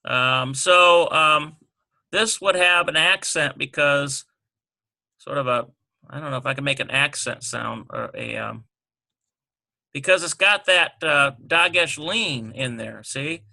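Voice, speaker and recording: Slow gravelly guy running a casual vocab lesson, kinda bright edgy tone, lots of ums. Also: fairly high pitch. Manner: unhurried, thinking aloud with many fillers. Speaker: Hebrew teacher. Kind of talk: informal language lesson.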